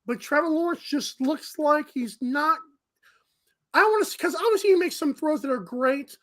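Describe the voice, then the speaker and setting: A woman's voice: high voice, normal speed, a bit bright. A woman co-hosting a sports radio show, blunt and sassy in her remarks. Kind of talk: casual sports talk.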